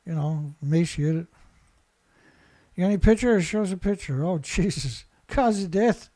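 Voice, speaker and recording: A man's voice: sits high, lively intonation, moderate pace, warm tone. Profane sarcastic man ranting. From Canada. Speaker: environmental commentator. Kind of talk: ranting commentary over news clips.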